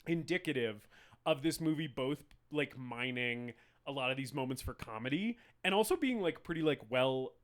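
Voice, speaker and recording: A young man from rural Arizona co-hosts a casual film podcast, his medium-pitched voice lively and moderately paced. He rambles with plenty of fillers, swears, laughs, and acts out movie lines.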